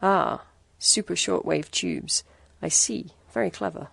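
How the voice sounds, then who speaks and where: A woman voicing a sinister, gaunt older man who talks in a hoarse, slow, falsely courteous voice. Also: no echo, exaggerated voice. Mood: oily. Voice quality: hoarse, booming.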